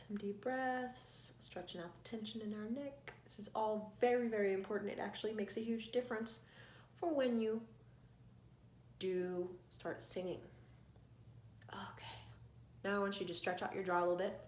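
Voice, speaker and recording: A woman singing coach guiding an online vocal warm-up lesson, giving calm, coaxing instructions. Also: mid-range voice, moderate pace, roomy sound, a little hiss or hum.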